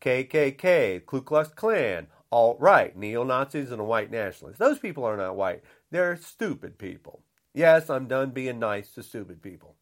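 A man's voice: medium pitch, sing-song, unhurried. An older man delivering an angry, blunt rant, repeating himself and saying how upset he is. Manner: indignant, repetitive, blunt.

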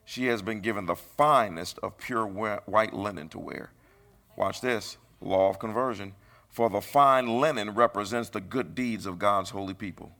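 A middle-aged man preaching a sermon, emphatic and rising into high bursts. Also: moderate pace, fairly bright tone.

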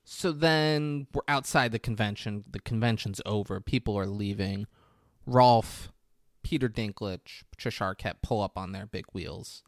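A man with a lowish voice tells a movie's story in loose, profane chat. He acts out the lines as he goes. His voice sounds dry and close. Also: a little slow, no echo. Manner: animated storytelling, acting out quoted lines, profane. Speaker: podcast co-host. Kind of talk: casual movie recap chat.

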